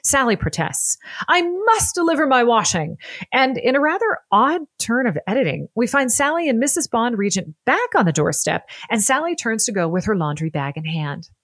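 Expressive, playful woman narrator. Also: a little high, moderate pace, hardly any pauses, breathy edge, no echo. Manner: expressive and playful, laughs often. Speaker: podcast narrator. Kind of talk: scripted history narration.

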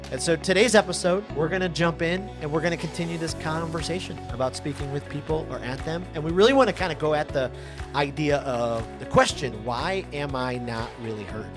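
A man in his forties hosting a podcast, telling a personal story in an animated, conversational way. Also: a little high. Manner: animated storyteller, lively swings in loudness. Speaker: podcast host.

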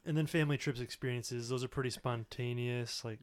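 Earnest man with a smooth voice. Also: medium pitch, fairly even intonation, brisk, no echo. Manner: earnest, reflective, many "like" fillers. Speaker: podcast host. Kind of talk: casual conversational podcast.

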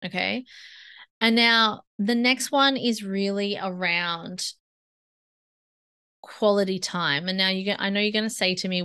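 A woman hosting a solo relationship-advice podcast, talking conversationally and acting out inner dialogue in quick asides. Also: medium pitch, steady tone, pushed and bright, clear, resonant tone. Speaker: podcast host.

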